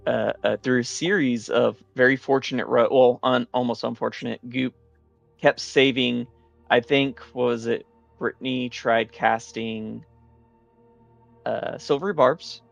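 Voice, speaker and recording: Man, gravelly voice, mid pitch, rambling game recap, music in the background. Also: steady tone, a little slow, no echo, muffled recording. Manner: rambling, with many fillers and restarts. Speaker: player recapping the last session. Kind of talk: casual recap of a tabletop game.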